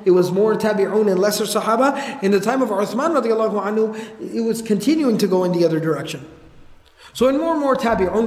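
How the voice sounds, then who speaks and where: A man giving a casual, animated religious storytelling lecture with slangy asides. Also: high-pitched. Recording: echoey hall reverb.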